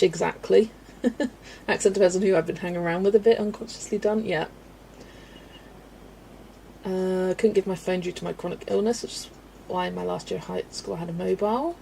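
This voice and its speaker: A woman's voice: lowish voice, fairly even intonation, a little fast, vocal fry, pauses often, mellow, slight background noise. A woman from Southwest England with a Wiltshire accent, chatting casually and self-deprecatingly on a colouring live stream. She laughs often as she answers questions from chat.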